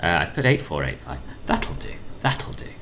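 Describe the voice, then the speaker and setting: A man's voice: low-pitched, sing-song, moderate pace, fairly bright tone, a little hiss or hum. A man from the UK streaming a flight simulator, chatting playfully with viewers and reading out radio calls. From United Kingdom. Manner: chatty and playful, laughs often, calls people boss.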